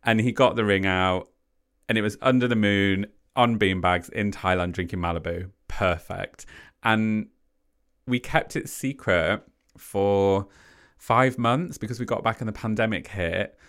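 A man, a podcast guest, telling a personal story in conversation in an animated way. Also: lowish voice, unhurried. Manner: animated, acts out quotes.

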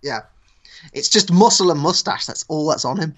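A man's voice: fairly high pitch, lively intonation, normal speed, a bit bright. A man, co-hosting a podcast in a laid-back, slangy way. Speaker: podcast co-host. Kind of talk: casual chat.

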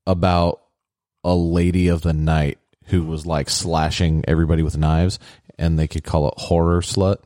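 A man's voice: low voice, flat delivery, moderate pace, dark tone, dry recording, studio quality. A man in casual banter with friends, teasing and laughing often. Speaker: podcast co-host.

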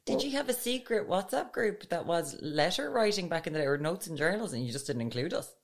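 A woman's voice: fairly low pitch, lively intonation, brisk. A woman, co-hosting a podcast in casual, joking chat. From Ireland. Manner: joking, self-mocking storyteller. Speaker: podcast co-host.

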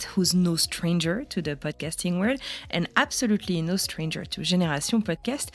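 A woman from France with a French accent, hosting a podcast and interviewing a guest with friendly, eager follow-ups. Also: on the low side. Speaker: podcast host.

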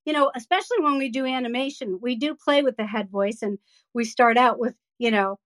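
A woman with a somewhat high voice talks through how she coaches young voice actors. She answers eagerly and with examples, in a podcast interview. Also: fairly quick, a bit bright. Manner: enthusiastic, explains with examples. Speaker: voice-over coach for children.

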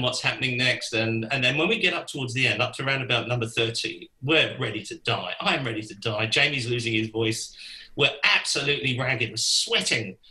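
A man's voice: mid-range voice, reverberant, low-quality recording. An older man, a guest musician, telling a backstage story animatedly and acting out the voices of the people in it. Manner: animated, acts out quoted voices, laughs through the story. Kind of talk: anecdotal storytelling.

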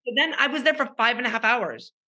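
Middle-aged woman on a podcast call, bright voice, animated storytelling, does voices for the people she quotes. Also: a little high, quick pace. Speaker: podcast co-host. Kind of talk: casual storytelling chat.

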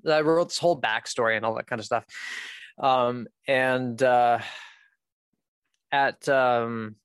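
A man as a podcast guest, telling a personal story in a candid, casual way, laughing often and filling pauses with "um". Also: mid-range voice, steady tone, fairly bright tone, smooth, dry recording.

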